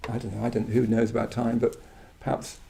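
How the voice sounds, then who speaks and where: A middle-aged man from England giving a reflective Buddhist talk, halting and full of restarts, with quiet trailing asides. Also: mid-range voice, monotone, gravelly, slight background noise.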